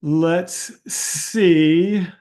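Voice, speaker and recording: Blunt, slightly high-voiced man answering questions. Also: fairly even intonation, very slow, warm tone. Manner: blunt, candid and skeptical, thinks aloud with restarts. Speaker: host answering audience questions. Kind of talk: casual Q&A livestream talk.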